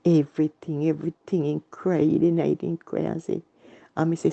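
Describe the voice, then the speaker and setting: A woman's voice: low voice, flat delivery, moderate pace, vocal fry, warm tone, muffled recording. A woman with a Jamaican accent telling her personal story in earnest, repetitive Patois. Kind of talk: emotional personal testimony.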